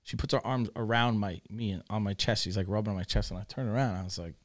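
A man's voice: on the low side, steady tone, fast talker. Profane man telling a crude story. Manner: laughs through his own story. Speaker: guest storyteller. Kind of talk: casual podcast chat.

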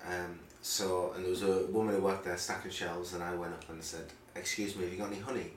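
A man telling a casual story with animated, acted-out voices as a podcast co-host. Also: low voice, fast, distant mic. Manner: animated, acts out voices in anecdotes. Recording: roomy, off-mic, faint hiss.

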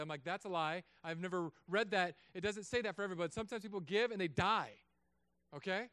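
A man, a pastor, preaching a sermon in a casual joking way, moving between quiet asides and loud emphatic stretches. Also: high-pitched, fast talker, clean tone, no room sound, studio quality. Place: church.

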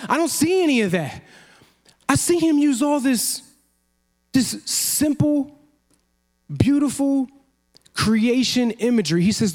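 A high-voiced man preaching a sermon. He is animated and lively, slipping into acted-out quotes and laughing along the way. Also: slow, pauses often. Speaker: pastor.

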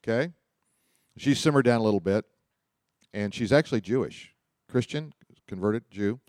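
A man's voice: lowish voice, lively intonation, normal speed, a little mellow, dry recording, studio quality. A man preaching, telling personal stories in a loose, rambling way with frequent restarts. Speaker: pastor. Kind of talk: sermon storytelling.

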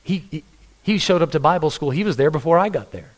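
A man's voice: a little high, animated, fast. A man, a pastor delivering an earnest, conversational sermon with stories. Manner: earnest, conversational preaching with story-telling.

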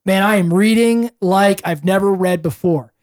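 A man's voice: high-pitched, moderate pace. Man rambling through a story. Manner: rambling, animated, with many restarts. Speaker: podcast guest, realtor. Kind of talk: casual podcast storytelling.

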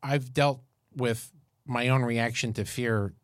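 A man's voice: medium pitch, slow pace, dry recording, studio quality. Fifty-something man telling a story. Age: 50s. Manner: storytelling, animated and jokey. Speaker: podcast co-host. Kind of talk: casual chat.

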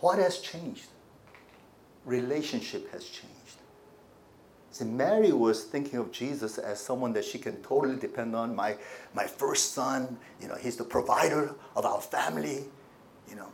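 A man preaching a sermon in a conversational way, asking the listeners rhetorical questions and swinging between quiet asides and emphatic points. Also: medium pitch, animated, normal speed, vocal fry, a little hiss or hum. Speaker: pastor.

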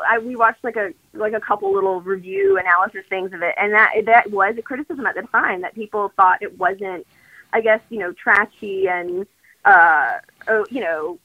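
A woman's voice: on the high side, gravelly. Chatty woman on a muffled phone line. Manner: animated, rambling, many fillers. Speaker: regular phone-in guest. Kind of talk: casual chat. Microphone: phone call.

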